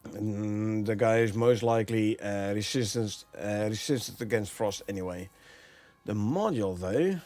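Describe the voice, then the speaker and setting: A man's voice: on the low side, a little slow, mellow, dry recording. A man from the Netherlands with a Dutch accent, streaming a game and chatting with viewers, thinking aloud and laughing often. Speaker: gameplay streamer. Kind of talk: casual live-stream commentary.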